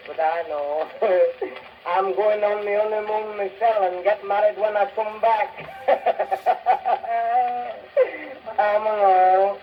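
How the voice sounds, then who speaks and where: Chuckling Northern English comic, slightly high. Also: male voice, dull audio, slight background noise. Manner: bashful, chuckling through his lines. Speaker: music hall comedian. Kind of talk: comic monologue. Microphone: early acoustic gramophone recording.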